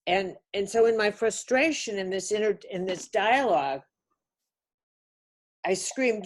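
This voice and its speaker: A woman telling a personal story on a webinar, earnest and halting, often restarting her sentences. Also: mid-range voice, lively intonation. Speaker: webinar speaker.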